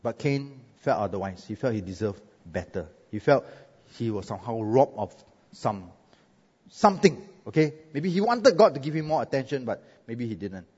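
A man's voice: mid-range voice, normal speed, slightly rough. A man preaching a sermon with a Singaporean English accent. He jokes and keeps asking the crowd "right?". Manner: lively, joking, asks the crowd "right?". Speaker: pastor. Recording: muffled sound with long hall echo.

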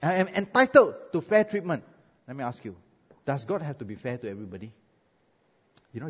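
A male pastor with a Singaporean English accent preaches, his voice a bit husky and swinging widely up and down. He jokes and checks in with the crowd. The sound is muffled, with a long hall echo. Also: mid-range voice. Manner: lively, joking, asks the crowd "right?". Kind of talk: sermon.

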